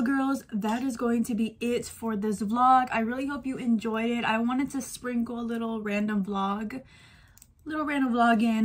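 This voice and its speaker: A woman's voice: fairly high pitch, slight background noise. A young woman vlogging in a chatty, playful way, calling her viewers girl. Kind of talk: casual vlog chat.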